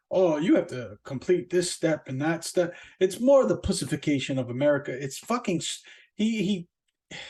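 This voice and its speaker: A man hosting his own podcast in a casual solo rant. He swears a lot, rambles with fillers and restarts, and jumps up in pitch to stress a point. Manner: animated, jumping up in pitch for emphasis. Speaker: podcast host.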